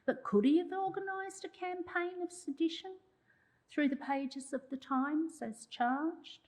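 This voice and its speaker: A woman's voice: very high voice, measured pace, low-quality recording. A woman, a journalism historian delivering a prepared public lecture with wry asides to the audience. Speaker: journalism historian giving an oration.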